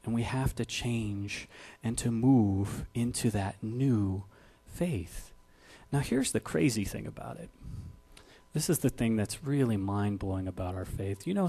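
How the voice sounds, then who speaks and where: A man's voice: medium pitch, breathy edge. A man preaching a sermon in a conversational way, asking the congregation questions. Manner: conversational, builds from quiet to loud. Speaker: pastor.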